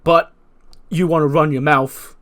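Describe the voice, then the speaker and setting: A man's voice: a little high, steady tone, measured pace, fairly bright tone, pitched above the performer's own voice. A man voicing a cocky young male wrestler who brags and mocks his rivals. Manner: boastful, mocking.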